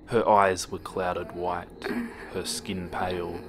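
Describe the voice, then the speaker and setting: Deep-voiced male horror story narrator. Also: slow pace, very noisy. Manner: steady, dramatic reading with hushed moments. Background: music.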